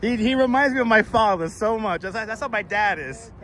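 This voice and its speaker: Male street live-streamer, high voice, loose and profane, clip-on mic outdoors. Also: expressive, fairly quick, fairly bright tone. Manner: loose, chatty, swears, laughs often. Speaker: live-stream host and tour guide. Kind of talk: casual live-stream chat. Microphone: wireless clip-on mic.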